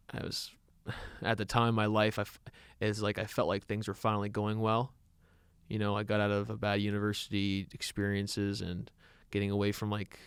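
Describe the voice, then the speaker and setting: A young man co-hosting a podcast, telling a personal story in an earnest, halting way with many restarts. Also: on the low side, gravelly, clean tone, dry recording, clean studio sound. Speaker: podcast co-host. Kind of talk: personal storytelling in casual chat.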